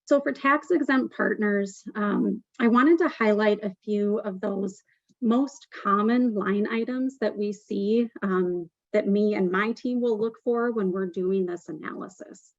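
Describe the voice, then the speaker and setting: A woman's voice: medium pitch, measured pace, no room sound, dull audio. A woman presenting a tax webinar, explaining step by step with frequent "um" fillers.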